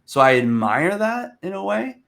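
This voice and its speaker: A man hosting a podcast interview, telling stories in an animated way and acting out what people said. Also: sits high, moderate pace, creaky. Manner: animated storyteller, acts out quoted speech. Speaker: podcast host. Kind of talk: casual interview chat.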